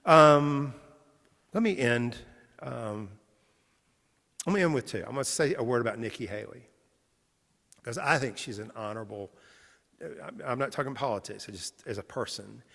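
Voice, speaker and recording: A man's voice: mid-range voice, moderate pace, creaky, long pauses, a bit bright, in a large hall. A male pastor giving a sermon, telling stories conversationally and retelling his interviews. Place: large church sanctuary.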